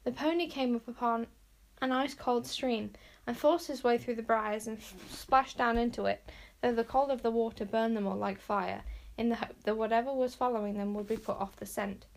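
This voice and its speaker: A woman narrating a children's storybook aloud in an expressive, clearly paced reading voice. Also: on the high side, normal speed. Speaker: audiobook reader.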